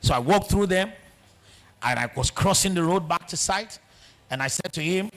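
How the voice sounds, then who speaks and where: Animated Nigerian man telling a story. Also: high-pitched, moderate pace. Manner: storytelling, animated, swings between loud and hushed. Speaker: guest speaker. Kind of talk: motivational talk. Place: large auditorium.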